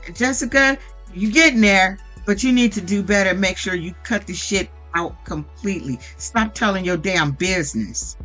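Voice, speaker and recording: A woman recaps a reality show in a casual, blunt and heavily profane way. Her voice is bright and forceful at a middle pitch. Faint music plays under her. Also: animated, normal speed.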